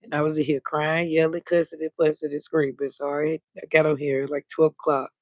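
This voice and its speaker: Deep, darkish, and a little fast, this woman's voice comes through flat and lo-fi with no room sound. She's hosting a laid-back late-night livestream, chatting freely, naming viewers as she greets them, and drawing words out.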